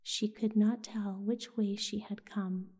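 A woman with a breathy, half-whispered voice, softly narrating a soothing bedtime story. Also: mid-range voice, little pitch movement, slow pace. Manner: soft, half-whispered delivery.

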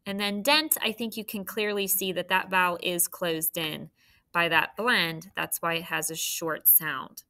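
A third-grade phonics lesson is being taught by a woman whose lowish voice carries a sharp tone and fairly even intonation. Her manner is patient and encouraging, and she keeps her words slow and clear.

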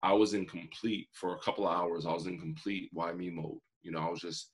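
Deep gravelly man telling a story. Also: level tone, a little fast. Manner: earnest, vivid storyteller who acts out quotes. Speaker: guest, motivational speaker. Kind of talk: personal storytelling in an interview.

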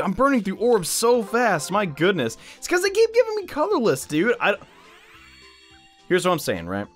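A young man hosting casual gaming commentary, excitable and chatty, with frequent exclamations. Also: fairly high pitch. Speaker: YouTube gaming host.

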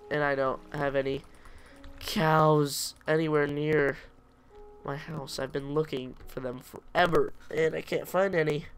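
A man's voice: on the high side, vocal fry, a little hiss or hum. A man giving casual commentary over his own gameplay, chatty and jokingly self-pitying, talking back to the creatures in the game. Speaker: let's play gamer.

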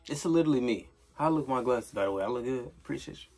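A man's voice: mid-range voice, lively intonation, very fast, a little mellow, soft background music. A young man telling a casual storytime vlog, rambling and swearing, with lots of filler tags. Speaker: storyteller vlogger.

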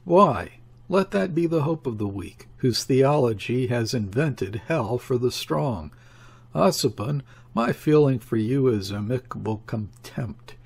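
A man's voice: medium pitch, lively intonation, unhurried, creaky, a little mellow, slightly rough, heavily acted. A man voicing a scornful anarchist professor. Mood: contemptuous. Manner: scornful, precise, sententious. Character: cold sardonic male anarchist professor, contemptuous. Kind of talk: audiobook character voice.

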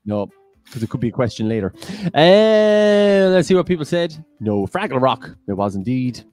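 A man's voice: mid-range voice, big pitch swings, brisk, a little mellow, soft background music. A man hosting an online quiz, reading out questions with jokey asides. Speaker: quiz host.

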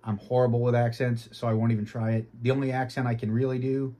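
A man from Boston with a faint Boston accent, giving an easygoing casual review from his home sim cockpit and often clearing his throat. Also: mid-range voice, flat delivery, fast, dark tone. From Boston, United States. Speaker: flight sim hobbyist.

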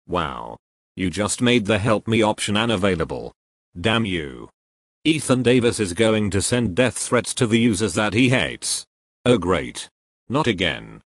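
A text-to-speech engine voices a lowish-pitched man reading joke error messages in a flat, machine-even manner. The recording is close and fully dry, with no room around it, and his evenly paced computer delivery stays synthetically steady throughout.

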